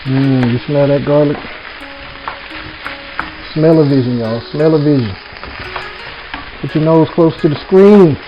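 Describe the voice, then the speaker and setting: A man's voice: on the high side, unhurried, pauses often. A man hosting a casual home cooking vlog, talking folksy and easy to his viewers. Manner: folksy, keeps addressing viewers as "y'all". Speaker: home cook, channel host. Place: home kitchen. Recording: dull lo-fi audio with music bed. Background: background music and sizzling pan.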